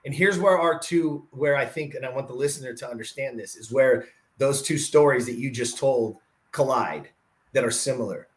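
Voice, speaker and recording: A man's voice: medium pitch, moderate pace. A middle-aged man hosts a podcast with a mid-range voice. He tells stories in a conversational way, slipping into the voices of the people he quotes. He keeps checking in with his listener by asking "right?". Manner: animated, acts out quoted dialogue, says "right?" often. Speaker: podcast host. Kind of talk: conversational storytelling.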